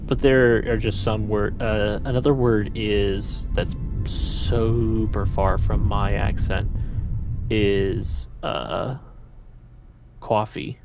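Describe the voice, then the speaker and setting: Guy streaming a puzzle game, lowish gravelly voice, rambles and thinks out loud. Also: steady tone, takes it slowly, over music. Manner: chatty and meandering, thinking aloud. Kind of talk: live gameplay commentary.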